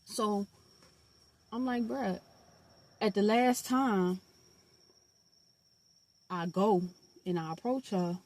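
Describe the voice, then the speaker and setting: A woman's voice: mid-range voice, very slow, pauses often. Blunt, slangy young woman telling a story. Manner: animated, blunt and profane, with slangy asides. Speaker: storytime vlogger. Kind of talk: casual storytelling.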